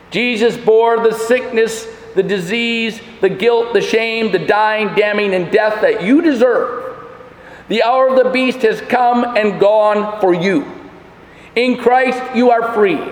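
Male pastor, high-pitched voice, emphatic sermon delivery, recorded in a church with a long, roomy reverb. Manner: emphatic preaching with dramatic pauses and rising exhortations. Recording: echoey church hall.

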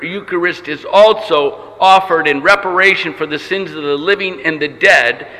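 A man delivers a sermon in an emphatic, teaching manner, putting questions to his listeners. His voice sits high and sounds very bright and sharp. Long reverb trails each phrase, as in a large church hall. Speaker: pastor.

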